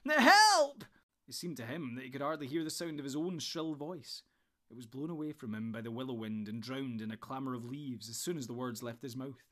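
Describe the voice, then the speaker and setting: A man reading a storybook in steady, measured narration. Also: medium pitch. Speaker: audiobook narrator.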